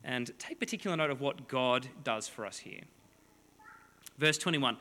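A man's voice: mid-range voice, animated, moderate pace, long pauses, bright, forceful tone. A man preaching a sermon to a congregation, reading scripture and explaining it with playful, joking asides. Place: large hall before a congregation. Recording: long hall reverb.

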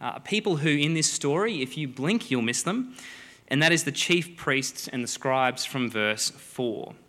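A man preaching a sermon, a lively, joking storyteller who acts out the people in the story. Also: medium pitch, measured pace. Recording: long hall reverb.

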